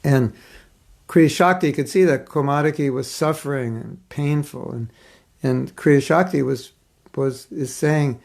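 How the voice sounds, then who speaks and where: A male spiritual teacher tells a devotional story in a gravelly voice pitched a little high. He reads aloud and comments earnestly, with expressive pauses. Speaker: spiritual teacher giving a class.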